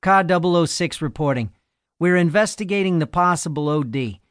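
A man voicing a firm, steady police officer in an audiobook, speaking in a commanding tone. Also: on the high side, moderate pace, dry recording, clean studio sound, voice pushed up, lightly acted.

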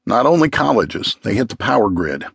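A male narrator voicing a calm, commanding middle-aged father who gives firm, steady instructions. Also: on the low side, moderate pace, gravelly, breathy edge, no room sound, studio quality, full character voice. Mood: urgent.

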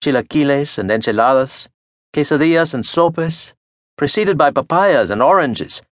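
A man narrating an audiobook in the first person with a wry, measured storytelling manner. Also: a little high, lively intonation, no echo. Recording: dry studio audio.

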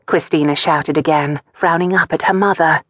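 A woman narrating an audiobook novel in a calm, measured storytelling manner. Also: sits low, no echo. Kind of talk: scripted narration.

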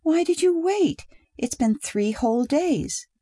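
A woman's voice: medium pitch, animated, measured pace, mellow, breathy edge, dry recording, studio quality. A woman voicing a young wife who speaks in a breathless, rising, pleading way. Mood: hurt, pleading. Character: young newly married woman, eager then hurt.

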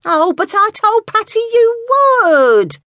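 A woman's voice: a little high, wildly swooping pitch, moderate pace, fairly bright tone, dry recording, clean studio sound, voice pushed up, heavily acted. A woman voicing a querulous, pushy older woman on the phone, whiny and impatient, for an audiobook. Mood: wailing. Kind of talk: audiobook dialogue.

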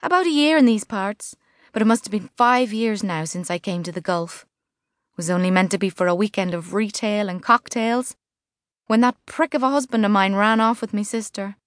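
A woman voicing a brash, chatty expat woman with a Liverpool accent in an audiobook, loud and cheeky. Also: mid-range voice, moderate pace, no echo, studio quality, close to an everyday voice. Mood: gossipy. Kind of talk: audiobook character voice.

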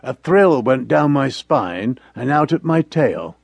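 A man's voice: medium pitch, big pitch swings, takes it slowly, gravelly, breathy edge, dry recording. A man narrating an audiobook story in the first person as a cheerful, friendly dog.

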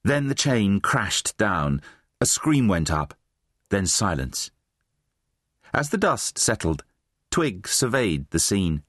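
A man's voice: on the low side, slow, long pauses, husky, dry recording, clean studio sound. A man narrating a children's fantasy audiobook, reading expressively. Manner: expressive, voices many characters. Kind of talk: scripted storybook narration.

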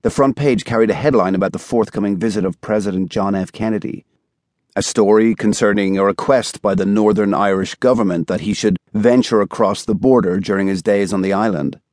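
A man reading a thriller audiobook in a measured, even storytelling style, recorded on a studio microphone. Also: lowish voice, dry recording. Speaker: audiobook narrator. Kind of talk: scripted narration.

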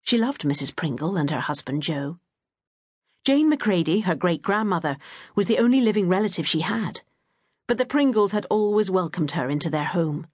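A woman reading an audiobook in a gentle, measured storytelling manner. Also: fairly low pitch, expressive, husky, no echo, clean studio sound. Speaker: audiobook narrator. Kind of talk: scripted narration.

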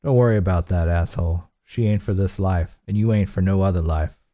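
Guy doing a gruff biker boss, blunt, braggy, mellow low voice. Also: fairly quick, close to an everyday voice.

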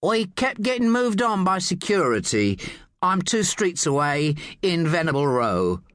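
A man's voice: high voice, sing-song, unhurried, fairly bright tone, no room sound, studio quality, voice pushed up, full character voice. A man reading an audiobook, voicing a whiny, anxious male driver with a Cockney accent that slips into Irish. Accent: Cockney, slipping into Irish.

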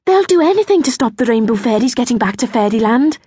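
Woman doing an earnest high little girl. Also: lively intonation, quick pace, mellow, husky, no room sound, clean studio sound. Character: earnest young girl, hopeful, a little anxious.

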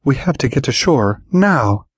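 A man's voice: mid-range voice, normal speed, darkish tone, slightly rough, dry recording, voice pushed up, close to an everyday voice. A man voicing a blunt young woman steering a raft in an audiobook, clipped and commanding. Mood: firm.

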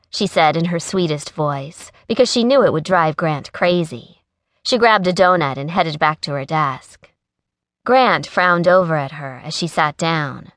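A woman narrating a contemporary romance audiobook in a smooth, even storytelling manner on a close studio mic. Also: sits low, a little slow, dry recording.

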